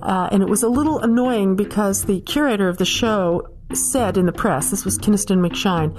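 A woman recalling her early days in the art world in an interview. She speaks in a measured, pointed way with a few hesitations. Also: mid-range voice, darkish tone. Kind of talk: recounted history in an interview.

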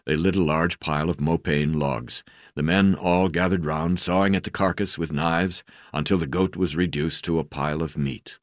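A man's voice: a bass voice, fairly even intonation, normal speed, no room sound, studio quality. A man reading his own memoir aloud, unpolished, with frequent fillers and restarts.

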